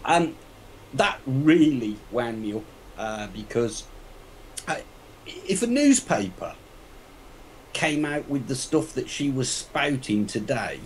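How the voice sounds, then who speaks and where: A man's voice: mid-range voice, expressive, slow, pauses often, a little hiss or hum, low-quality recording. Blunt, indignant man ranting. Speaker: panel guest. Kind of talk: live online panel chat.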